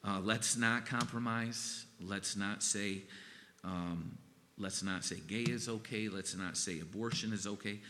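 A man preaching a sermon in an earnest, halting way, with pauses and restarts. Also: on the low side, fairly even intonation, in a large hall. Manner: earnest, halting, gets emotional and softens. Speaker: pastor.

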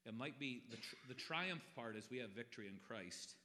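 A man's voice: mid-range voice, lively intonation, fairly quick, bright, forceful tone. A middle-aged man preaching a sermon as a pastor in a folksy, conversational way. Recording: long reverb in a hall.

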